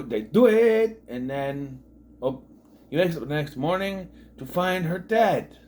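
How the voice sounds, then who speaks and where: A man in his thirties talks through a TV episode in a loose, meandering way, tossing in sarcastic spoiler jokes and plenty of fillers. His voice sits at an ordinary middle pitch. A faint background hiss runs under the recording. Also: a little mellow. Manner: rambling and sarcastic, with many fillers and asides. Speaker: TV show reviewer. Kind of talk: casual recap commentary.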